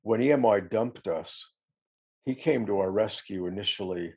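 A middle-aged man recalls his band's history in a casual, rambling interview. His voice is low and dark, with a gravelly, husky grain. He laughs easily and pokes fun at himself. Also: normal speed. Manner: rambling storyteller, self-deprecating, laughs often. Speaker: musician guest.

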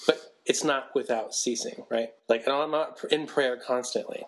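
A man's voice: mid-range voice, fairly even intonation, normal speed, a little hiss or hum. A man co-hosting a podcast who explains ideas in a casual chat and keeps checking in with "right?". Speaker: podcast co-host.

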